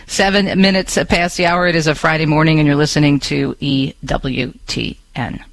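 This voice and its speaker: A man's voice: on the high side, steady tone, normal speed, vocal fry, fairly bright tone, no echo, low-quality recording. A man hosting a radio talk show, speaking with passion and rhetorical questions, adding chatty asides to listeners and reading the news into a studio microphone.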